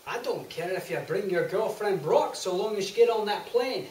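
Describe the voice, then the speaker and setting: A woman's voice: medium pitch, expressive, moderate pace, darkish tone, slight background noise, lightly acted. A woman playing a brash, bossy Scottish sister who taunts and scolds her brother, with a put-on Scottish accent. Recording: echoey hall from far off.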